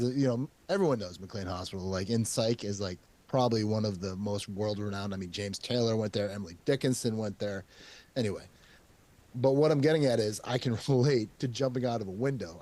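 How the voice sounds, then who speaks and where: A man hosting an interview podcast, his voice sitting at an ordinary middle pitch. He tells stories in a loose, rambling way, with bursts of laughter and casual swearing. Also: a little mellow. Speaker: podcast host.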